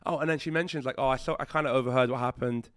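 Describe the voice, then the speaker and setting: A man's voice: medium pitch, racing, smooth, dry recording, clean studio sound. A man telling a story on a podcast in casual chat, swearing freely and acting out the other people's lines. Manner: animated storyteller who acts out quoted dialogue. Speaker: podcast host.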